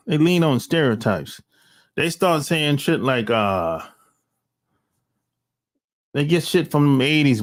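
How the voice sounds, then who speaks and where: A man speaks slowly and bluntly into his phone, his slangy talk dragging out word by word. His fairly high voice swings widely up and down, and he drops in mocking asides as he goes. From United States. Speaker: vlogger. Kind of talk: casual opinion monologue. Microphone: cell phone.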